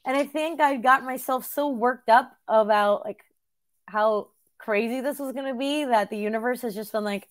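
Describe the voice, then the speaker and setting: A middle-aged woman hosting a podcast, telling a story in an animated, chatty way and laughing often. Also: on the high side, normal speed. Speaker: podcast host. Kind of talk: casual conversation.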